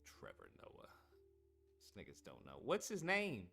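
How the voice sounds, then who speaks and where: A man's voice: fairly high pitch, wildly swooping pitch, unhurried, sharp tone, husky, soft background music. A man hosting a casual live stream, rambling and swearing as he talks to his chat. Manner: rambling and profane, talking to chat. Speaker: streamer host.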